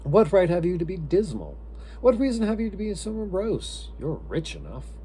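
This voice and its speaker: A man reading aloud and voicing a cheerful young man who speaks in a high, eager, pleading way. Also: wildly swooping pitch, unhurried, mellow, a little hiss or hum.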